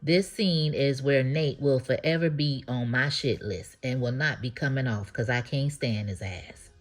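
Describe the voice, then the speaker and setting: A woman with a notably low voice talks through a TV episode in a loose, casual recap. She is animated and slangy and laughs easily as she reacts. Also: unhurried, faint music behind. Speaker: TV show recap host.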